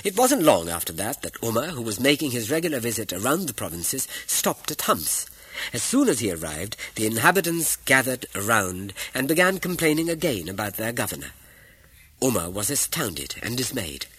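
A man narrating a story in an expressive, measured way. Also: mid-range voice, slightly rough, no echo, poor audio. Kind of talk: scripted narration.

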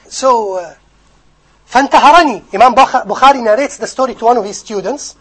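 A man giving a sermon, telling stories in an animated, joking way to his audience. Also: very high-pitched, fast talker, husky, poor audio. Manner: animated storytelling with jokes. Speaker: Islamic preacher.

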